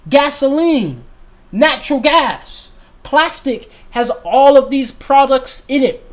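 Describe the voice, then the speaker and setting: A man's voice: extremely high pitch, darkish tone. A young man hosting a livestream, talking in a passionate, emphatic way and repeating his points. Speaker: livestream host. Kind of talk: casual livestream talk.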